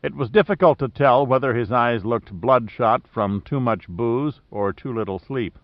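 A man's voice: mid-range voice, normal speed, no echo. Man reading an audiobook, dry close audio. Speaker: audiobook narrator. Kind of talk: scripted narration. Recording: dry, slightly dull audio.

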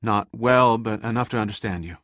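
A resolute woman purser aboard a burning liner, calm and dryly humorous, as a male audiobook reader puts her on. The underlying voice stays low and deep, lifted only a little for her. The recording is dry and close. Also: brisk, no echo, lightly acted. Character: woman ship's purser, steady under pressure. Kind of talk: audiobook character reading.

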